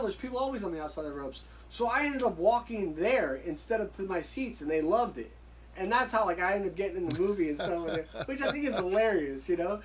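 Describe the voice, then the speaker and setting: A man, a guest in an interview, telling stories in a casual, animated way and acting out the dialogue he quotes. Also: high-pitched, slight background noise, poor audio. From United States. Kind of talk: casual storytelling.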